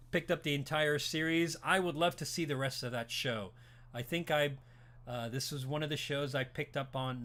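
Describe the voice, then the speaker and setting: Hosting an anime talk stream, this podcast host, a man in his late forties or fifties, has a medium-pitched, slightly bright voice. He chats casually and animatedly, rambles and restarts often, and laughs as he reads his chat aloud and responds.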